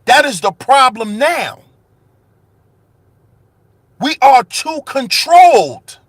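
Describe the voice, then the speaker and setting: A man's voice: very high-pitched, very animated, extremely slow, no echo. A man hosting his own channel, delivering an impassioned monologue with rhetorical questions and repeated phrases, raising his voice with passion. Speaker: commentary channel host.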